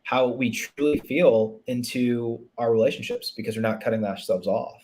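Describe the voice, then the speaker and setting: A man's voice: mid-range voice, moderate pace, darkish tone. A man speaking as a relationship coach in a casual interview, earnest and reflective, often restarting and adding "you know". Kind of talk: conversational interview.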